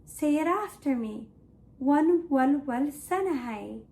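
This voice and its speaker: A woman teaching a language lesson for toddlers, talking slowly and playfully while acting out feelings. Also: sits high, expressive, dark tone. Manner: slow, playful, exaggerated emotions for kids.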